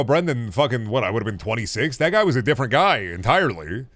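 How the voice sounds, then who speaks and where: Man, 30s, streamer, low voice, rambling, casual swearing, dry close sound. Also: big pitch swings, fast talker, hardly any pauses, fairly bright tone, dry recording. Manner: rambling, laid-back, swears freely. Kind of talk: casual gaming-stream chat.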